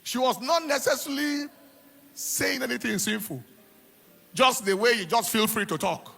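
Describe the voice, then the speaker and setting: A man's voice: high voice, normal speed, creaky, long pauses, pushed and bright, slightly rough. A middle-aged man preaching a sermon, telling personal stories with emphatic repetition and laughter. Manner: emphatic, repeats words and phrases. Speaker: pastor.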